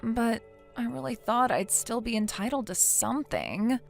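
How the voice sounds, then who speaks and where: A woman's voice: on the high side, big pitch swings, normal speed, gravelly, soft background music. A synthetic woman's voice playing a naive, self-pitying young wife who pleads and hesitates in a text-message story. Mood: pleading. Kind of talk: text-to-speech text story narration.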